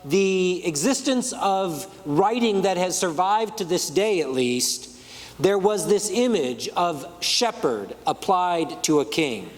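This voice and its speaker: Male pastor, high voice, unhurried sermon delivery, church reverb. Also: expressive. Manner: measured, shifting emphasis for effect. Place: church sanctuary. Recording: long church hall reverb.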